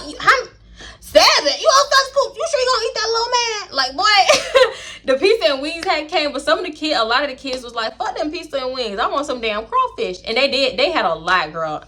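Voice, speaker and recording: A woman's voice: mid-range voice, sharp tone. A young woman with a Houston accent telling a casual story, acting out the voices of the people in it. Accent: Southern US, Houston. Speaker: storytime vlogger.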